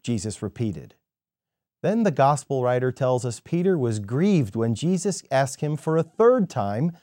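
A man giving a scripted devotional sermon in an expressive storytelling manner. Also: mid-range voice, measured pace, no echo, studio quality. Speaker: devotional speaker.

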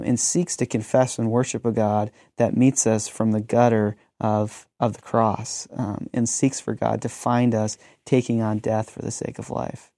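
Thirties male pastor, earnest and reflective, warm dark tone, dry studio sound. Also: mid-range voice, no room sound. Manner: earnest, storytelling, frequent "um". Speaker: pastor and teacher. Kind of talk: conversational reflection on ministry.

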